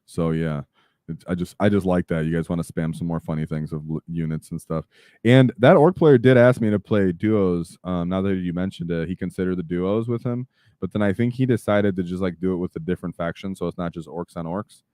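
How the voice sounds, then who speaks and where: A man hosting a casual livestream chat, talking in an animated way with lots of fillers and sudden shouts. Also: deep voice, a little fast, no echo, studio quality. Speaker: streamer host.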